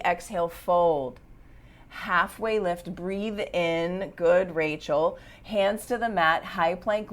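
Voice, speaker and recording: A woman leading a live yoga class, giving short rhythmic commands with encouraging asides. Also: lowish voice. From United States. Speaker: yoga teacher. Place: yoga studio.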